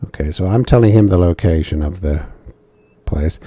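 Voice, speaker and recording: A man's voice: sits low, moderate pace, dark tone, husky, dry recording. A man giving casual, joking commentary while playing a video game, talking to himself as he goes. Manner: chatty, joking asides to himself. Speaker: gamer.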